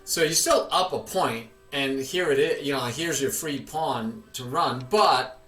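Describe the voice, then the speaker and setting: A man's voice: mid-range voice, a little slow, fairly bright tone, far from the mic, soft background music. Echoey chess teacher quizzing his student. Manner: patient, quizzing with questions. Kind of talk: online chess lesson.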